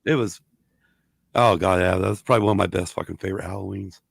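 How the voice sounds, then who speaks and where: Brief: middle-aged male podcast host, gravelly, lively swearing storyteller, dry close sound. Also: low voice, fast, no room sound. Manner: profane, animated storyteller. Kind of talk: casual storytelling chat.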